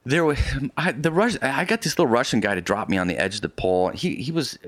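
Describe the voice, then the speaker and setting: This man talks fast and animatedly in a medium-pitched voice, with no echo. Interviewed about a polar expedition, he tells a long, casual story that rambles, with repeated sentence restarts and colorful asides.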